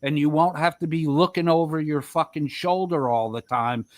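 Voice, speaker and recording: A man's voice: fairly high pitch, moderate pace, no echo. A man arguing heatedly on a livestream, swearing and berating his opponent. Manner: profane, aggressive, berating. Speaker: livestream debater.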